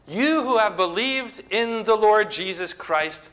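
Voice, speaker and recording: Bright, emphatic male preacher. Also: high-pitched, animated, slow pace. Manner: dramatic, emphatic storytelling. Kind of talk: sermon.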